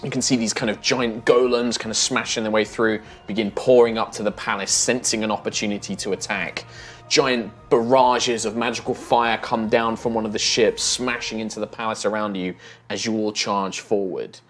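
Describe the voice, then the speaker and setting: A man's voice: fairly low pitch, fairly even intonation, moderate pace, fairly bright tone, faint music behind. A man narrating a fantasy tabletop game as dungeon master, describing scenes vividly with some fillers.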